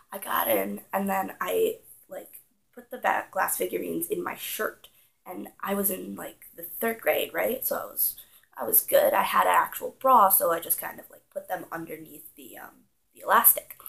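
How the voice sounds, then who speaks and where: A young woman tells a story from her childhood in a loose, chatty vlog style. Her voice carries a strong vocal fry, and she throws herself into her younger self's panic with animated energy. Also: medium pitch, low-quality recording. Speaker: vlogger.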